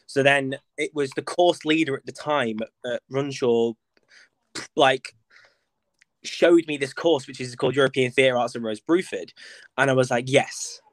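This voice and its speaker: A man's voice: mid-range voice, normal speed, no room sound. A young man from North West England, a theatre performer chatting as an interview guest, self-mocking and full of ums and likes. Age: young adult. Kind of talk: casual interview chat.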